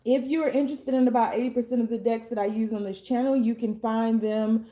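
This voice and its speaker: Hoarse young woman tarot reader, mellow, slightly high voice, blunt and chatty. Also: fairly even intonation, fast talker. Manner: chatty, blunt, swears casually. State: hoarse, losing her voice. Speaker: tarot reader and life coach. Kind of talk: casual tarot reading.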